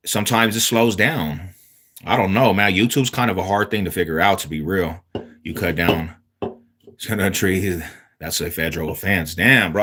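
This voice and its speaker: A man from Denver on a casual livestream, reading viewer comments aloud and answering them in relaxed, slangy talk. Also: fairly low pitch. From Denver, Colorado.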